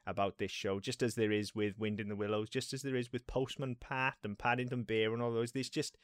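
A man's voice: lowish voice, level tone, a little fast, no echo. Man chatting casually on a podcast. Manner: enthusiastic, swears casually. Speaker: podcast co-host. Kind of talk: casual chat.

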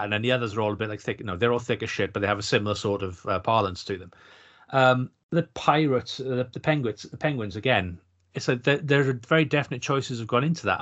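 A man's voice: medium pitch, fairly bright tone. Middle-aged male co-host, casual and rambling, on muffled lo-fi audio. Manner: thoughtful, meandering, frequent restarts. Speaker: podcast co-host. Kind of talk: casual podcast chat. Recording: dull lo-fi podcast audio.

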